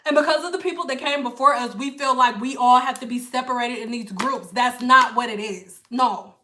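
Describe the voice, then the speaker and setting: Woman, hair stylist, high voice, bright tone, blunt and swearing, casual chat to viewers. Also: a little fast, few pauses. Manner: animated, blunt, swears freely, slips into playful put-on voices.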